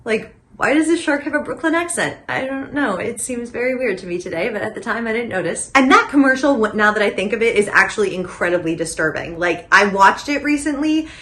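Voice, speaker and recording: Rambling, animated young woman hosting a vlog. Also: a little high, fairly quick, hardly any pauses. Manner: rambling and animated, full of "like" and tangents. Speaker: host of a nostalgia channel. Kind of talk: comedic scripted vlog monologue.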